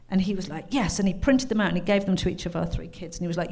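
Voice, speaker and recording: A woman's voice: fairly low pitch, rapid-fire, gravelly, hardly any pauses. A British woman in her fifties, an author, telling anecdotes at a live book talk, laughing and acting out quotes as she goes. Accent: British English. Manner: animated, laughing, acts out quotes in character.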